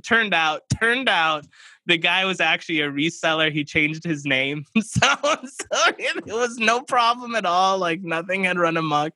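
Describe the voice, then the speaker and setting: Lively man telling a story on a podcast. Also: high-pitched, moderate pace, dry recording. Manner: animated storyteller who acts out dialogue. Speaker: podcast guest, children's book publisher. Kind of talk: casual podcast conversation.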